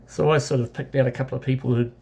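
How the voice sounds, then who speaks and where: Rambling New Zealand man with gravelly voice. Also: medium pitch, fairly even intonation, very fast, mellow, slight background noise. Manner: rambling anecdotal, with many self-corrections and fillers. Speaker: travel vlogger. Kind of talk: casual travel storytelling.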